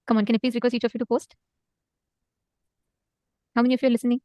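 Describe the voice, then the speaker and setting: Woman, Indian English accent, high voice, quick earnest delivery, dry close sound, online spiritual teacher. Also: flat delivery, a little mellow, no echo. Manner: earnest, urging the audience to respond.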